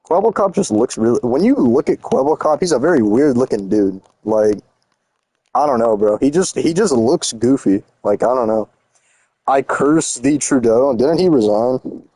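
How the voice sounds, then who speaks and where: A man's voice: medium pitch, lively intonation, moderate pace, dark tone, no echo. Young man rambling on a live stream. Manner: rambling, slangy, teasing chat with lots of "bro" and "dude". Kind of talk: casual live-stream chat while building in a game.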